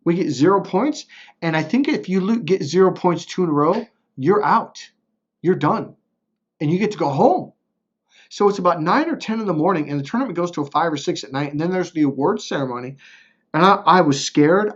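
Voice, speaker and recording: On the high side with lively intonation, this motivational speaker talks a little fast, and the top frequencies are cut off. He tells his own story loosely and bluntly, swearing a lot, restarting, and tossing in "right?" frequently.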